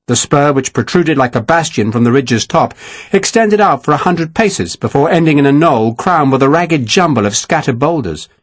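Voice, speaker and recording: A man narrating a historical war novel in a measured, expressive storytelling manner. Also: fairly high pitch, dry recording. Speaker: audiobook narrator. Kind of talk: scripted narration.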